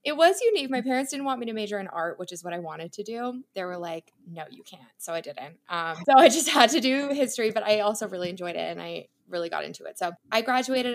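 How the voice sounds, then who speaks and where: A young woman sits down as a podcast guest and talks through her story in a loose, conversational way. Her voice sits at an ordinary middle pitch. She is candid and chatty, laughing easily as she goes. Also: creaky. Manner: chatty and candid, laughs often, lots of fillers. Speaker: interior designer and content creator, podcast guest. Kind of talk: casual interview storytelling.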